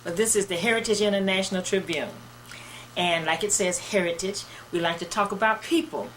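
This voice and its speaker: Brisk woman pitching a newspaper. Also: slight background noise, low-quality recording. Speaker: newspaper representative. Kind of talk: casual interview.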